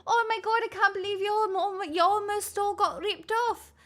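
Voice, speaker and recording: Brief: excitable woman doing a shrill Irish accent, put on by a streamer, high and loud. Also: moderate pace. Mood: excited.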